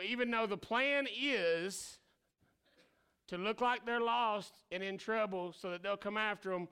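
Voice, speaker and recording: Bright, animated preaching man. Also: high-pitched, gravelly, clear, resonant tone. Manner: animated, acts out voices of people in the stories; casual preaching with slang. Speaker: pastor. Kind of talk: sermon.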